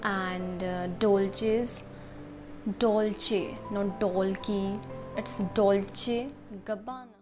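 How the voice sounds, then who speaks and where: A woman explaining how to pronounce words, repeating each one slowly and carefully. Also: mid-range voice, fairly even intonation, over music. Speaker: pronunciation teacher. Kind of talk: instructional video explanation.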